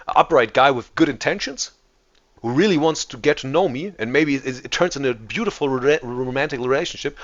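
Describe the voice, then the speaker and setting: A man's voice: medium pitch, lo-fi sound. A man hosting a reaction video, talking casually and often repeating and restarting words. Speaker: host.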